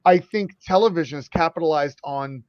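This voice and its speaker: Middle-aged male podcast co-host, fairly high voice, ranting in quick animated bursts, dry, slightly dull recording. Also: dry recording. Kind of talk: casual podcast chat.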